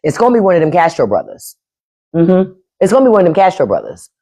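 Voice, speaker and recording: A woman hosting a live stream, giving loud opinions in casual chat, swearing freely and repeating her points while answering the chat. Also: fairly low pitch, huge pitch swings, fast talker. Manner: profane, opinionated. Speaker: podcast host on a live stream. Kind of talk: casual livestream commentary.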